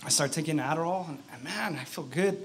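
A man giving his personal testimony at an outdoor church service, speaking in an earnest, halting way with many fillers. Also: a little high, a bit bright. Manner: halting, earnest, frequent "you know" fillers.

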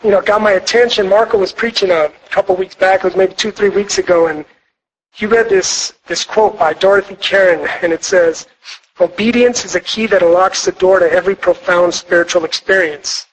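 A man's voice: high-pitched, fairly even intonation, normal speed, low-quality recording. A young man giving an earnest, rambling personal testimony to a church retreat audience, full of fillers and restarts. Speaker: speaker sharing his testimony at a marriage retreat.

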